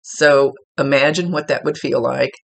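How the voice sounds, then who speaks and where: A man's voice: medium pitch, fairly even intonation, moderate pace, gravelly, fairly bright tone. A man working as a psychic medium, talking casually and rambling as he relays messages aloud. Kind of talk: casual spirit reading.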